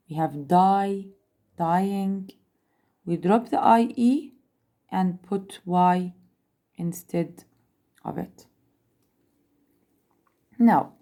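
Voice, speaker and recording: A woman teaching an English grammar lesson, speaking slowly, repeating words and spelling out letters. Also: mid-range voice, dark tone. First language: Arabic. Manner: slow, repeats and spells out letters, switches into Arabic to explain.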